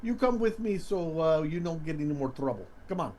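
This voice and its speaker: A man's voice: on the high side, animated, a little fast, darkish tone, a little hiss or hum. A man playing a tabletop game, joking and laughing often. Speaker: player. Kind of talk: casual tabletop play.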